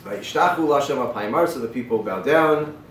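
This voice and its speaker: A male rabbi teaching a sermon-style class who quotes verses and translates them, swinging between loud emphatic lines and quiet hushed ones. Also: medium pitch, animated, brisk. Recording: echoey room, mic far off, faint noise.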